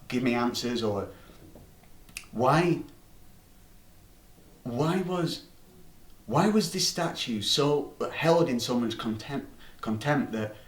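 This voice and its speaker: Rambling swearing storyteller, echoey room. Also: male voice, medium pitch. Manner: rambling, swearing, full of fillers and restarts. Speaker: comedy storyteller. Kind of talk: rambling comic anecdote. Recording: roomy room, distant mic.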